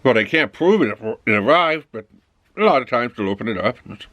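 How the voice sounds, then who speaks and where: A man's voice: medium pitch, very animated, a little fast, a bit bright, no echo. A man talking casually in a rambling monologue, acting out both sides of little office dialogues. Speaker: vlogger.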